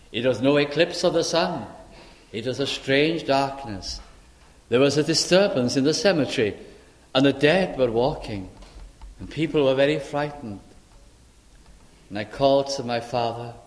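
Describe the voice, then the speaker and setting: A man preaching a sermon, dramatizing a dialogue with the Lord and swinging between loud declarations and hushed words. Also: medium pitch. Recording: echoey hall.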